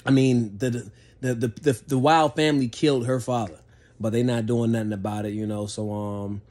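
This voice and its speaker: A man's voice: mid-range voice, fairly even intonation, normal speed, a little mellow. A man giving a casual spoken movie review, laid-back and profane, rambling with frequent restarts.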